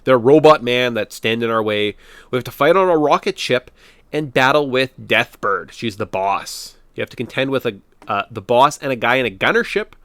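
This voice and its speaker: A man with a cold, co-hosting a casual podcast about retro video games, excitedly recapping game stages and slipping into quoted voices. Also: medium pitch, normal speed, clean tone, no echo. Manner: animated, jumps into quoted voices. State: has a cold. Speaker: podcast co-host.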